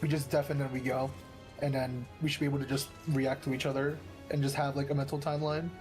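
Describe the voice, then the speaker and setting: A man on voice chat calmly going over raid tactics, hedging a lot with fillers. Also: mid-range voice, fast talker, faint music behind. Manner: hedging, full of "like", explains calmly. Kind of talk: casual strategy talk over voice chat.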